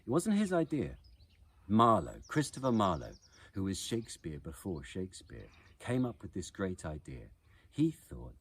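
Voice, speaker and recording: A man's voice: deep voice, sing-song, normal speed, a little hiss or hum. A man explaining poetry in an educational voice-over, chanting the beats aloud to show the rhythm.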